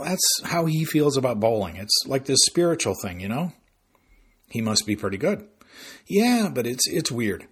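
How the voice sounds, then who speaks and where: Guy doing a sulky 17 yr old kid, mouthy and whiny, pitched up. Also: breathy edge. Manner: grumbling, sarcastic. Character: sulky seventeen-year-old boy, sarcastic.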